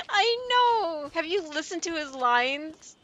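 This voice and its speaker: The sound is lo-fi as a young woman with a very high-pitched, slightly bright voice streams a video game. She gushes, giggles, and laughs a lot throughout her casual let's-play chatter.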